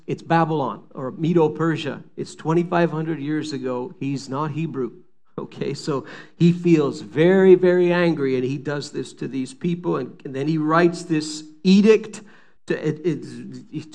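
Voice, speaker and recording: Preacher, male, higher-pitched voice, storytelling sermon delivery, acts out the quotes. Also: gravelly, darkish tone. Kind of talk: sermon retelling a scripture story.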